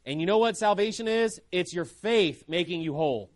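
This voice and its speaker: High-voiced fervent male preacher. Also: animated, normal speed. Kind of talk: sermon.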